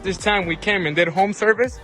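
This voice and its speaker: A man's voice: high-pitched, a little fast, bright, forceful tone, soft background music. A man mechanic talking casually as he walks through a car repair, explaining parts and prices in a plain, informal way. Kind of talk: casual how-to repair vlog.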